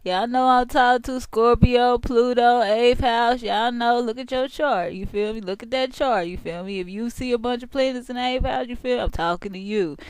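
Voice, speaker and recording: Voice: mid-range voice, normal speed, few pauses, clean tone, dry recording. Laid-back slangy astrology vlogger. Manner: laid-back street slang, keeps asking "you feel me"; chuckles often between phrases. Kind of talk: casual slangy monologue to viewers.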